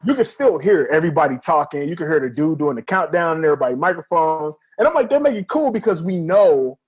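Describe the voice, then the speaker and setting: A man with a fairly high, breathy-edged voice talks fast on a lo-fi recording. Co-hosting a wrestling podcast, he chats casually, spins stories with animation, acts out quotes and laughs often.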